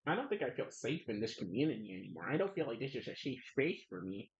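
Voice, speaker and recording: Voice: mid-range voice, very animated, quick pace. An adult streamer chatting casually while drawing, playfully whining and laughing a lot. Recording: dull lo-fi mic.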